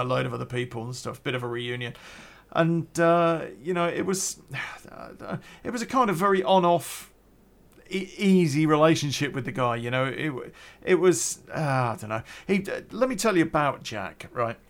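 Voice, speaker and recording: A man's voice: medium pitch, a bit bright. A middle-aged man casually telling a story on a podcast, rambling and hesitant, with many fillers and restarts.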